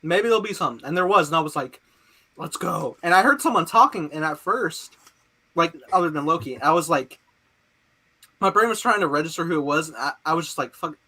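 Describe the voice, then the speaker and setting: A young man hosting a casual podcast chat, excitable, laughing often and swearing. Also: fairly high pitch, brisk. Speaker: podcast host.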